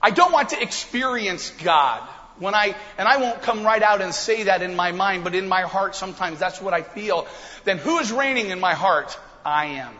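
A man preaching a sermon as pastor, swinging between quiet confiding asides and loud impassioned passages. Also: high voice, expressive, normal speed, in a large hall, lo-fi sound.

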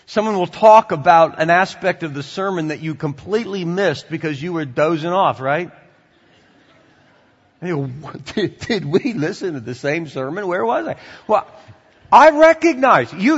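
A man preaches to his congregation in a church sanctuary, his fairly high voice carrying a long reverb. The sound is somewhat muffled. He swings from loud, animated exhortation to quiet, chatty asides. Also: moderate pace. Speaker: pastor. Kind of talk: sermon.

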